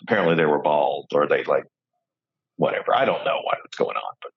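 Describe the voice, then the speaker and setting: A man's voice: a bass voice, very animated, a little fast, gravelly, breathy edge, dull audio. A man co-hosting a podcast, telling stories in a rambling, jokey way with lots of restarts. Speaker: podcast co-host. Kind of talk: casual comedic chat.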